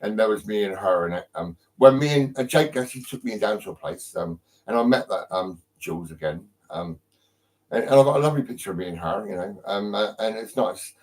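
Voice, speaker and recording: A man's voice: on the low side, lively intonation, a little fast, a little mellow, poor audio. A man from England on a live stream from his home, talking in a rambling way with lots of ums and restarts and heavy swearing. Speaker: livestreamer. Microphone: phone.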